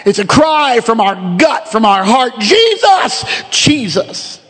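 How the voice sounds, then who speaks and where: High-voiced pastor preaching in a reverberant hall. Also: male voice, measured pace. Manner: builds from quiet reflective reading to impassioned pleading. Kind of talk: sermon.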